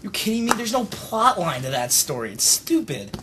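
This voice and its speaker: Young man, mocking comedy skit, high voice, animated delivery, music behind. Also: moderate pace. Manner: mocking and dismissive, lively storytelling. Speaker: comedy sketch performer.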